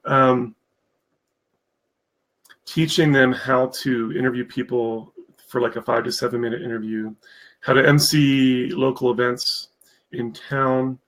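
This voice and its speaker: A man's voice: mid-range voice, fairly even intonation, a little slow, long pauses, fairly bright tone, low-quality recording. A man talking as a guest on a live stream, enthusiastic and rambling, with many fillers. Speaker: guest, mentorship program founder. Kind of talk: casual live-stream interview.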